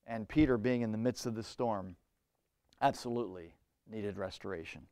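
A man's voice: lowish voice, normal speed, darkish tone, no echo, studio quality. A man preaching a sermon in an earnest, conversational way, often restarting phrases and adding "you know".

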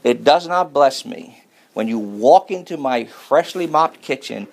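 A man's voice: medium pitch, animated, a little slow, gravelly. A man preaching a sermon on marriage in a folksy, joking manner.

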